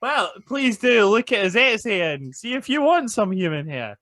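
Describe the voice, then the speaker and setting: A man's voice: high-pitched, big pitch swings, normal speed, a bit bright, no room sound. A man co-hosting a wrestling podcast, reading out social links with small slips. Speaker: podcast co-host. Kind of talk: casual podcast outro.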